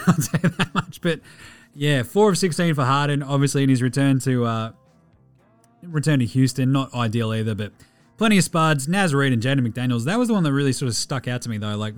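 An Australian podcast host with a medium-pitched voice recaps basketball casually, rattling off stats and swearing freely. His voice has no echo.

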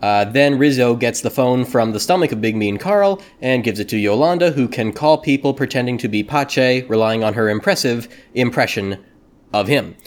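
A man hosting a casual podcast chat, joking and animated as he talks. His voice sits in a middle pitch. He sounds playful and easygoing. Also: normal speed. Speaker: podcast host.

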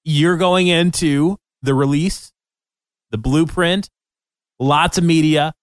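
A man in a casual chat who laughs easily and talks in a relaxed way. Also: on the high side, slow pace, dry recording, studio quality.

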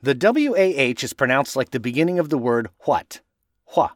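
A man from Washington state hosting a podcast, reading a script playfully and spelling out place names slowly to correct how they are said. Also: medium pitch, very animated, no room sound, studio quality. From Washington state, USA. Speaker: podcast host.

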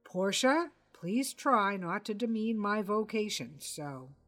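A man's voice: sits high, expressive, measured pace, fairly bright tone, exaggerated voice. A woman reading a pompous fussy male writer. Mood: exasperated. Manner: pompous, exasperated. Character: fussy self-important male crime writer.

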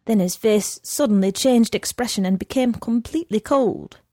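A woman narrating a novel aloud in a measured, even manner. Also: on the high side, dry recording, studio quality. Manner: measured, unhurried reading.

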